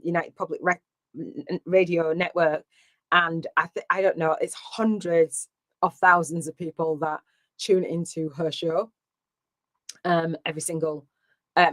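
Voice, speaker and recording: A deep-voiced woman, a business coach, talks on a live stream with no echo. She's chatty and rambling, full of fillers and restarts.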